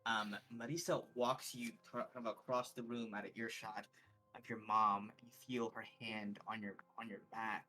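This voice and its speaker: A man narrating as game master for a tabletop game, pausing often with fillers. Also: on the low side, level tone, sharp tone, low-quality recording. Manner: hesitant, many fillers.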